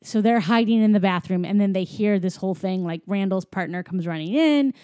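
A woman casually retelling a film's plot to a co-host, animated, with lots of fillers. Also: medium pitch, a little fast, no room sound, clean studio sound. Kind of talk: casual film recap chat.

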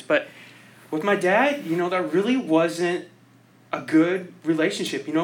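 A young man delivers an informal speech, his voice sitting a little high. He rambles, leans on "like" as filler, and laughs at his own jokes. A faint hiss runs under the recording. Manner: rambling, self-deprecating, laughs often; heavy use of "like" filler. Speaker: student giving a speech.

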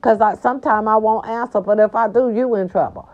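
A woman vlogger telling a chatty story to her viewers, animated and sassy, calling them "baby". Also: on the high side, fairly quick. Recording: dull lo-fi sound with faint music behind. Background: faint music.

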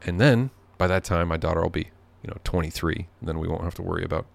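Man, very low voice, podcast host, sardonic, profane, rambling monologue, living room. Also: quick pace, creaky.

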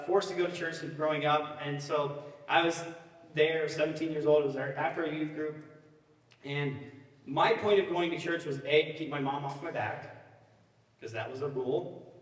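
A middle-aged male pastor preaching in a loose, joking way, pulling listeners in with "you know what I mean?" His voice sits a bit high for a man. It rings through a large hall with long reverb, heard from some way off the mic. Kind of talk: sermon with personal storytelling. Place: church sanctuary. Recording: echoey church hall, mic at a distance.

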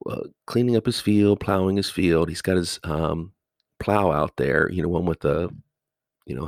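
A man hosting his own podcast as a high school teacher, talking through a poem in a rambling, conversational way with frequent pauses. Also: vocal fry, a little mellow, no room sound, clean studio sound. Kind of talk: casual podcast monologue.

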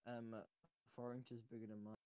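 A man's voice: medium pitch, flat delivery, moderate pace, a crowd in the background. A man co-hosting a podcast in casual chat, teasing, blunt and crude.

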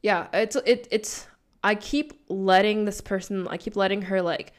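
Smooth-voiced woman telling a story. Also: medium pitch, unhurried. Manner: animated, laughing, many "like" fillers. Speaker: podcast guest, spiritual coach and tarot reader. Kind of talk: casual storytelling chat.

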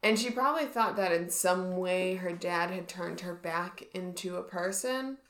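Soft-spoken young woman in an echoey room. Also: on the low side, measured pace. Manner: soft, agreeable, often answers with short yeahs. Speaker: podcast co-host discussing a book. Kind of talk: casual chat.

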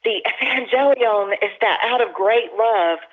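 An earnest pastor preaches a sermon at an even middle pitch, slowing down to lean on the phrases that matter. The voice comes through narrow and tinny, like a telephone line. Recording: tinny phone-line sound.

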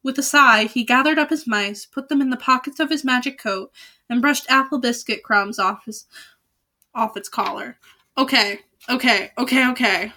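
A young woman reads a children's novel aloud in a bright, clear, slightly high voice. She slips easily into casual, joking asides between passages. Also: moderate pace. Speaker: storybook reader.

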